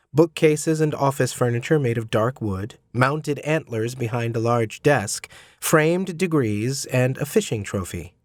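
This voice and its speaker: A man reading audiobook narration in a steady, measured way. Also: medium pitch, no echo. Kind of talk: scripted narration.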